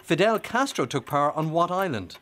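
A man's voice: fairly high pitch, big pitch swings, a bit bright. A man hosting a radio quiz phone-in, teasing and bantering with callers. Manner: playful, teasing, quick banter.

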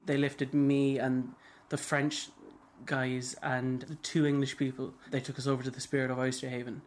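A man's voice: mid-range voice, flat delivery, normal speed. A man recalling being rescued from a shipwreck, talking in a loose, hesitant way full of fillers. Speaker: rescued trainee. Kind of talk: interview recollection.

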